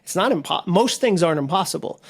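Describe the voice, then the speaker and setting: Upbeat, slightly high-voiced man telling stories. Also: vocal fry, husky. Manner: animated storyteller, quick asides and self-deprecating humor. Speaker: guest speaker and author. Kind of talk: conversational podcast interview.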